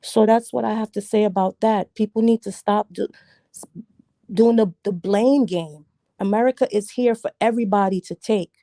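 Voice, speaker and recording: A woman's voice: medium pitch, moderate pace, dark tone, no room sound, studio quality. A woman from Jamaica arguing her point emphatically on a livestream panel discussion, repeating lines for stress.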